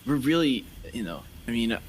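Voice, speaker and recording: A man's voice: medium pitch, sing-song, fairly quick, a little hiss or hum, natural voice, low-quality recording. A man voicing a nervous male raider who rambles and stumbles to please. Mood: placating. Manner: rambling, placating, stumbling over words.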